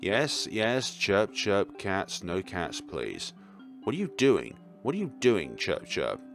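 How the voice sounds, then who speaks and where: A man voicing a small, fat, timid bird in a game, chattering and repeating itself in a high squeak. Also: very animated, takes it slowly, vocal fry, a bit bright, soft background music, heavily acted. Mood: chirpy. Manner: squeaky, repeats "chirp" and its own phrases.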